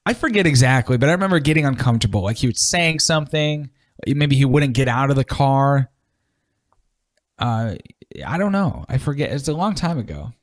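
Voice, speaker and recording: A man's voice: mid-range voice, expressive, normal speed. A man co-hosting a casual podcast, laid-back and teasing as he tells a story. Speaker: podcast co-host. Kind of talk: casual chat.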